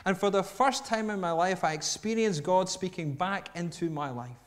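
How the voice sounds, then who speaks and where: A man putting on a calm, steady woman's voice. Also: high voice, moderate pace, voice pushed up, natural voice. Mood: awed. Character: calm grown woman, former fighter turned church planter.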